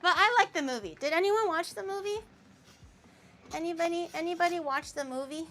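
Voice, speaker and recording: A woman streamer chatting casually while baking, rambling and easily excited. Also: very high voice, a little fast, faint music behind.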